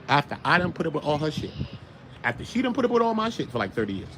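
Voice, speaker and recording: A young man from Brooklyn with a New York accent, hosting a casual commentary show in an animated, slangy, riffing way. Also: on the high side, quick pace, noisy background. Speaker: show host.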